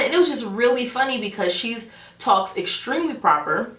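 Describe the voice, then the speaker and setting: Young woman vlogger, dramatic storyteller, bright and high, echoey room. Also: moderate pace. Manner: animated, dramatic retelling. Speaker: beauty vlogger. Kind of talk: storytime vlog. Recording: roomy echo, a bit far from the mic.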